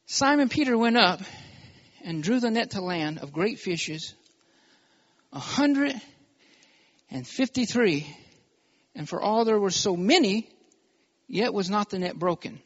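A man preaching a sermon in a very high voice, pressing each point with emphasis. He keeps calling for amens from the congregation. The recording sounds dull and lo-fi. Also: animated, a little slow, pauses often. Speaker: pastor.

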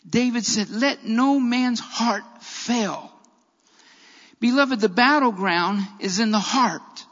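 Delivering a sermon, this preacher has a remarkably high voice with a fairly bright tone, and he drives points home through repeated key phrases. His words echo with long reverb like a church hall, in a dull, lo-fi recording.

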